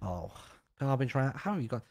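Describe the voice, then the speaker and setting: A man's voice: mid-range voice, sing-song, normal speed, gravelly. A man in casual in-game role-play with another player, playful and teasing.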